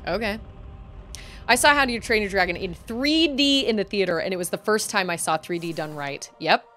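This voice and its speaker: A woman's voice: mid-range voice, moderate pace, a bit bright, a little hiss or hum. A young woman streaming a video game, chatting casually and breaking into frustrated outbursts and groans at the game. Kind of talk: casual live-stream chat while gaming.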